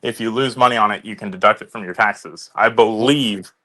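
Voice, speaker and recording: A man's voice: lowish voice, fairly quick, a bit bright. Opinionated man in casual chat. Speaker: co-host reacting to a video.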